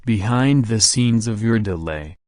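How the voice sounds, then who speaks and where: This is God , voiced by a man addressing his child in a devotional narration. The delivery is slow, measured and reassuring, pitched fairly low. The sound is close and dry, with no room around it. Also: expressive, darkish tone, no room sound. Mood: solemn reassuring. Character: God speaking to his child, calm and solemn.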